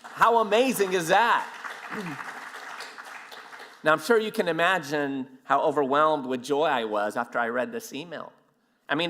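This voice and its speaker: A man speaking at a ministry event, telling a story in an animated way and acting out the quotes. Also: a little high. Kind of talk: storytelling sermon.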